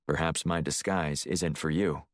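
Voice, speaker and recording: A man's voice: rumbling low, steady tone, a little slow, no room sound, voice pushed down. A male audiobook narrator voicing a tough covert operative who talks in a dry, curt way.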